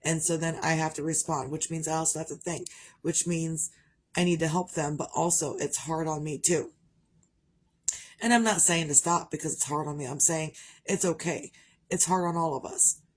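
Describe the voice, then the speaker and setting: A woman's voice: sits low, steady tone, normal speed. A middle-aged woman talking candidly in a rambling, casual vlog monologue. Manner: rambling, candid, conversational with frequent restarts. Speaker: parent vlogger.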